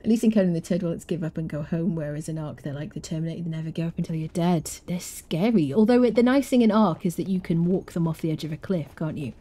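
A woman's voice: lowish voice, fast, hardly any pauses, warm tone. A woman streaming a game live, chatting loosely and answering her chat as she plays.

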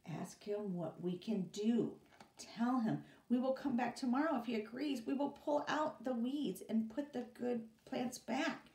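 A woman's voice: on the high side, a little slow, a little mellow, distant mic, pitched above the performer's own voice. A woman reading as a stern old grandfather. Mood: resolute. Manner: firm, grave, moralizing. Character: stern but caring older grandfather. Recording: roomy, from away from mic.

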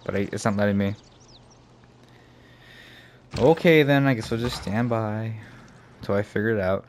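A man's voice: fairly low pitch, moderate pace, a little hiss or hum. A young man giving casual let's play commentary, thinking aloud and swearing as he plays. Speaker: gamer. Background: faint game music.

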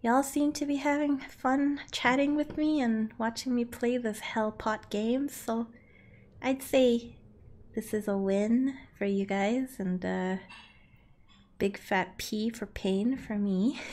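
A fairly high-voiced woman live-streaming a game from her home setup. She reads chat aloud and answers in a giggly, playful way. She yelps and grunts as she plays. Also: slow pace, a little mellow. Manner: yelps and grunts while playing. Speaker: streamer playing a climbing game.

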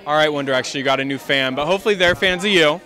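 A man working as an entertainment correspondent, chatting enthusiastically and gushing in a quick backstage interview outdoors at a studio lot. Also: fairly high pitch, bright, forceful tone.

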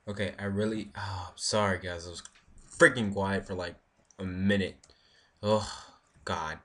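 A man's voice: deep voice, fairly even intonation, normal speed, bright, forceful tone. A man giving casual let's-play commentary, rambling and thinking aloud as he builds, talking to his viewers. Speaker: gaming video creator.

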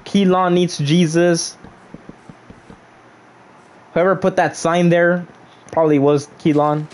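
A man's voice: on the high side, flat delivery, slow pace, darkish tone. A young man casually chatting on a gaming livestream, reading viewers' chat aloud and joking back at them.

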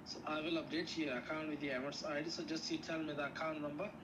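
A man's voice: on the high side, level tone, quick pace, fairly bright tone, a little hiss or hum. A man calling as a scammer, speaking pushy, insistent broken English over a phone line. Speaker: scam caller.

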